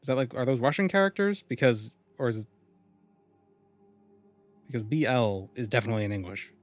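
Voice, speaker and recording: A man streams a game, speaking briskly at a medium pitch while faint music plays in the background. In casual live-stream fashion, he reads viewer comments aloud and then answers them.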